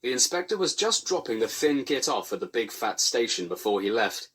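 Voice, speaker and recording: A man narrates a comic parody story in a dry, deadpan way. His voice is husky, and his pitch moves lively through each line. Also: brisk.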